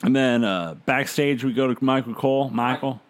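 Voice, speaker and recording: A man's voice: medium pitch, normal speed. A man hosting a podcast, casually recounting events with frequent "uh" fillers. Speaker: podcast host recapping wrestling. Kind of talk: casual recap chat.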